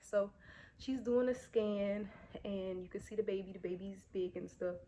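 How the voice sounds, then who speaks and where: A woman's voice: mid-range voice, normal speed, dark tone, a little hiss or hum. Breathless young woman telling a storytime. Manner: chatty, many fillers, addresses viewers directly. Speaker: vlogger. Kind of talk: casual storytime vlog.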